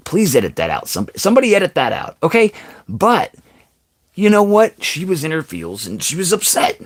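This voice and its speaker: A man's voice: on the high side, normal speed, dry recording, studio quality. A man vlogging a funny story in a casual way, often stopping to ask the audience "okay?" and adding self-mocking asides. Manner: animated, keeps addressing the audience with "okay?" and "people"; self-deprecating, exaggerated asides.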